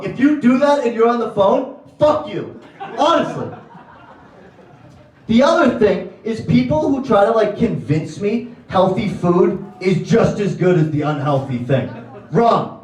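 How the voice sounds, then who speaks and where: A young man from Connecticut doing a profane, ranting stand-up set in a comedy club. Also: sits high. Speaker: stand-up comic. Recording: echoey club from far off.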